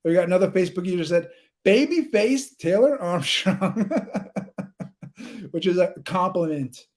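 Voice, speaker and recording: A man's voice: high-pitched, animated, a little slow. A man from New York with a New York accent, hosting a live-streamed interview in an upbeat, chatty way and calling on viewers to comment. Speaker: livestream host.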